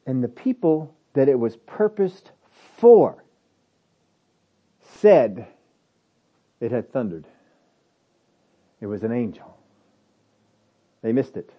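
A man preaching a sermon, stressing points hard, then dropping to low asides, with many rhetorical questions. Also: very animated, slow pace, long pauses, highs cut off. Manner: emphatic, swings between loud stresses and low asides. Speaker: pastor.

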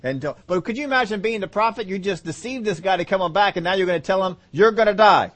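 A man preaches a sermon in a high-pitched voice at a quick pace. He's humorous, joking, acting out the story's scenes in voices, and laughing often.

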